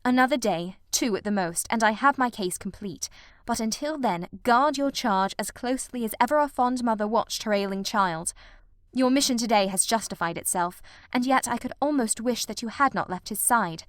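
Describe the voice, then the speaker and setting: Commanding male detective, clipped and intense, kinda high voice, dry sound, a woman reading him out. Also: normal speed, no room sound, lightly acted. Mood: grave. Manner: clipped, urgent, authoritative. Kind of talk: audiobook character reading.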